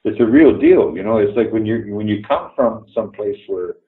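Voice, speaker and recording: A man's voice: on the low side, normal speed. An older man from Canada, telling blunt, swear-laced anecdotes as an interview guest. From Canada, Toronto. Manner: blunt, swears freely, acts out quoted dialogue, chuckles through stories. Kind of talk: storytelling anecdotes in a remote interview. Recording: echoey room over a tinny phone-like line.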